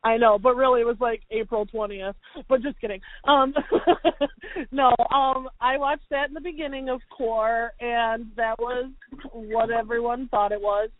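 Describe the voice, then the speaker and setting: A woman chatting casually and animatedly, full of "like" and quick asides. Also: fairly high pitch, no echo. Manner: chatty, animated, lots of filler "like". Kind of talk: casual chat. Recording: tinny phone-like dry sound.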